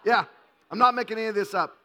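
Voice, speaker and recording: A man preaching a humorous sermon, telling comic stories with animated delivery. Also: high voice, fast.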